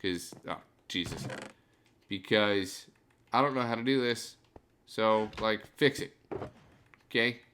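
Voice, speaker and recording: A man's voice: fairly low pitch, slow pace, long pauses, sharp tone, a little hiss or hum. A young man giving casual gameplay commentary as a YouTuber, rambling and breaking into frustrated outbursts. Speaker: gaming YouTuber.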